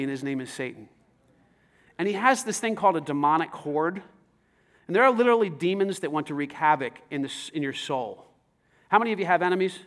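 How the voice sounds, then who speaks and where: Pastor, male, high voice, dynamic sermon delivery moving between emphatic and quiet. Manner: dynamic preaching, swings from loud to hushed.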